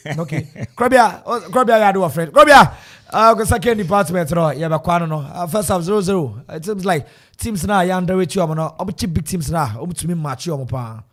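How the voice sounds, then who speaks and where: A man's voice: sits high, expressive, quick pace. A man co-hosting live radio football commentary, playful, breaking into chants and singing and mixing languages. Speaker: radio sports co-host.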